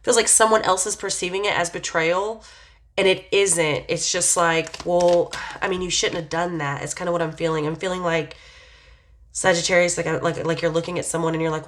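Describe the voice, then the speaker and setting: Hesitant lower-voiced woman musing aloud. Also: steady tone, moderate pace. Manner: meandering, hesitant, full of "like" and "um"; reflective, intuitive musing. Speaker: tarot reader. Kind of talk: casual spoken tarot reading.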